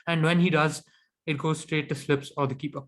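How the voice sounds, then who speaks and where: A man's voice: fairly high pitch, level tone, brisk. A man co-hosting a podcast in casual chat, opinionated and chatty with frequent ums. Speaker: podcast co-host.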